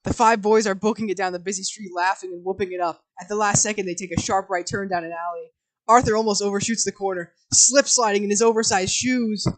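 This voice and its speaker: Reading a film script aloud for her live stream, she alternates between monotone scene directions and flustered comments aimed at viewers in the chat. Her voice sits in the mid-range, and the sound quality is poor.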